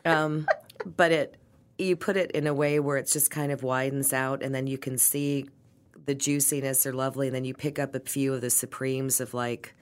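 Low, chatty woman chef, emphatic and playful in casual talk. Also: fairly even intonation, fairly quick, a little mellow. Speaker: chef and restaurant owner. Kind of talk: casual conversation.

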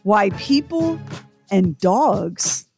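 A woman's voice: medium pitch, big pitch swings, very slow, vocal fry, over music. A woman co-hosting a radio show, chatty and dramatic, laughing often. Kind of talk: casual radio chat.

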